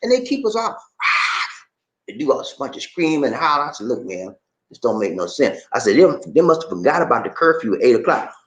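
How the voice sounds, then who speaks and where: A man's voice: medium pitch, fairly quick, roomy sound. A man from Charleston with a Gullah Geechee accent, hosting a casual live-stream chat from his home and reading viewer comments. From Charleston, South Carolina. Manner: animated, laughs often, reads viewer comments. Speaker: vlog host. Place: home in the Philippines.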